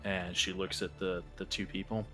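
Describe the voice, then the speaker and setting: Low-voiced man running a tabletop game. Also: normal speed, faint music behind. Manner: relaxed, rambling narration with many fillers. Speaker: game master.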